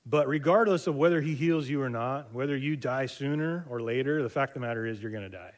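A man's voice: mid-range voice, quick pace. A middle-aged man preaching a sermon, telling stories in a loose conversational way with many fillers and restarts and acting out the voices of people in them. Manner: acts out quoted voices in dialogue. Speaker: pastor.

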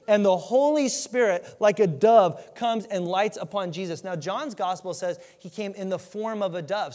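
Emphatic, animated man preaching a sermon. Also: high-pitched. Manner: animated and emphatic, with frequent restarts. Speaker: pastor. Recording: long reverb in a large hall.

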